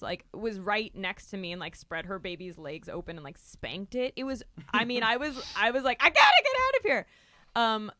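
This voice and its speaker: A woman comedian telling a long, rambling story in a casual way, with lots of "like" and loud acted-out outbursts. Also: fairly low pitch, no echo. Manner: rambling, filler-heavy, acts out voices loudly. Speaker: guest comedian.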